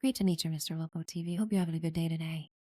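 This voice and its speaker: A woman's voice: low-pitched, steady tone, rapid-fire, no echo, clean studio sound. A woman streamer chatting casually during live gameplay, thanking new followers and talking about her community. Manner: friendly, thanks followers warmly, many fillers.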